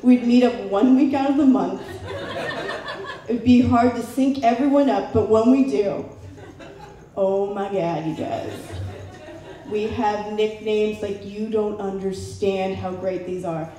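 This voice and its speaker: A young woman from Southern California delivers a chatty, playful stand-up routine at a live show in a large room, acting out the voices of family members. She talks a little slowly in a dark-toned, mid-range voice, and the room is very echoey with faint background noise.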